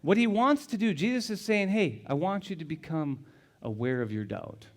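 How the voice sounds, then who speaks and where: A male pastor preaching a sermon, telling the story dramatically, dropping to hushed whispers and rising to loud exclamations. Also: high voice, expressive, normal speed.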